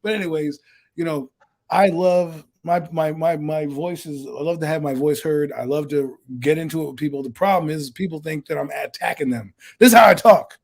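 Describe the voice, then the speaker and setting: A man from New Jersey with a raspy voice, loud and intense in casual sports talk as host. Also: moderate pace. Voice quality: deep, raspy voice. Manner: loud and intense, animated storytelling.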